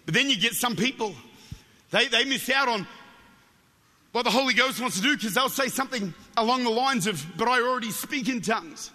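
A man's voice: extremely high pitch, normal speed, pauses often, big-room sound. A man with an Australian accent preaching a Pentecostal sermon, telling stories with jokes and often repeating his words as he goes. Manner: animated storytelling with jokes, stumbles and repeats words. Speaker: guest preacher.

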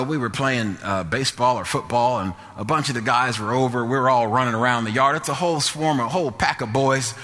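A man preaching a sermon and telling a story, folksy and animated, repeating words as he goes. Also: mid-range voice. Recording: long echoing hall reverb.

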